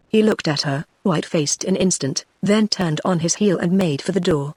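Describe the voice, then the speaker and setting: A text-to-speech voice with a woman's sound and a British English accent, giving scripted narration of a novel in an even, machine-made reading. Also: fairly low pitch, normal speed, few pauses, husky, dry recording.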